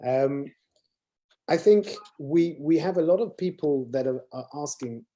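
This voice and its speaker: A man's voice: on the high side, measured pace, mellow. A man, a rabbi, explaining ideas earnestly in a casual conversation.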